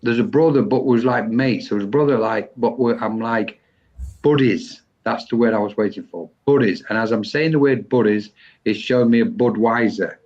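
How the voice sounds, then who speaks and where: A man hosting a live online session and giving a psychic mediumship reading, pausing often and restarting as he searches for words. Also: mid-range voice, darkish tone. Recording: dull lo-fi online stream.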